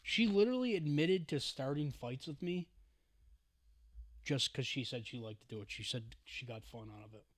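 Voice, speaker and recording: A young man co-hosting a casual podcast, telling excitable stories with lots of swearing and mimicking the voices of others. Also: mid-range voice, normal speed, no echo. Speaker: podcast co-host. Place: podcast studio.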